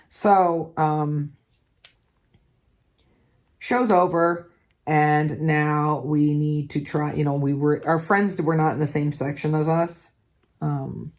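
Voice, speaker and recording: In a low-pitched, gravelly, slightly mellow voice, a woman hosting a diamond painting channel chats frankly as she works, with the odd swear word thrown in.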